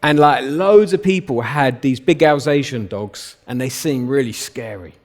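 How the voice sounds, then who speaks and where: A man's voice: medium pitch, unhurried. Man preaching a casual sermon. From South West London. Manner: informal storytelling with lively acted-out quotes. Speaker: pastor. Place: church.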